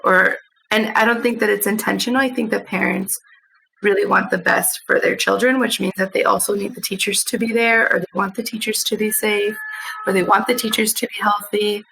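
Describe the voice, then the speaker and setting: A woman's voice: mid-range voice, flat delivery, brisk, vocal fry, pushed and bright, slight background noise, poor audio. A woman hosting a podcast, asking thoughtful, searching questions in a casual conversation. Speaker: podcast host.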